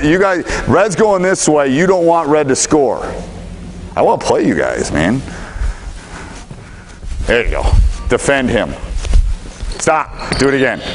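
Basketball coach running a gym drill. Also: male voice, medium pitch, slight background noise, low-quality recording. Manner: instructive, brisk commands mixed with explanation. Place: gym during practice.

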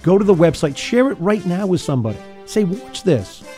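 A man's voice: high-pitched, lively intonation, fast talker, warm tone, soft background music. A man hosting a political talk radio show who speaks in an earnest, restless way and repeats words when he pushes a point. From Rhode Island.

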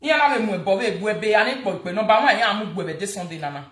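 Animated Nigerian woman gossiping in an echoey room. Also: medium pitch, very fast. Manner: animated, mocking, repeats words for emphasis. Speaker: gossip vlogger. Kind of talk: casual gossip commentary.

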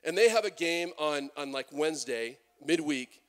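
A man preaching a sermon as pastor, animated, with many restarts and acted-out quotes. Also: a little high, normal speed, clear, resonant tone.

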